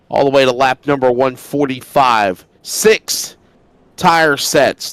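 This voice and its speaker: A man's voice: fairly high pitch, clear, resonant tone. A man calling a sim race as play-by-play commentator, sounding stuffy while recovering from illness. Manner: energetic, builds to loud race-start calls.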